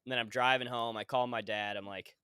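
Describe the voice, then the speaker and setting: Bright, clear-voiced young man telling stories. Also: mid-range voice, steady tone, fairly quick, no room sound, clean studio sound. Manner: storytelling, laid-back, swears often. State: injured foot, hobbling. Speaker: podcast co-host. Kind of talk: casual podcast chat.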